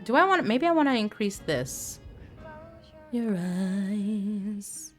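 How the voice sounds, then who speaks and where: This high-pitched woman speaks a little fast, her pitch swinging hugely as she streams a game live over soft background music. She chats casually with her viewers, reading their messages out loud and adding playful asides.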